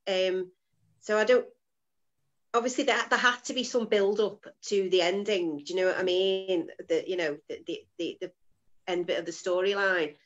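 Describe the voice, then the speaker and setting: A woman's voice: mid-range voice, steady tone, normal speed, dull audio. A woman, an actress guest talking hesitantly with many restarts. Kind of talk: casual interview chat.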